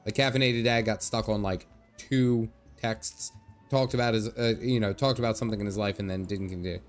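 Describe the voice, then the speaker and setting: A man's voice: lowish voice, steady tone, a little fast, soft background music. A man chatting casually on a game livestream, laughing often and reading game text aloud. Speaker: gaming livestreamer.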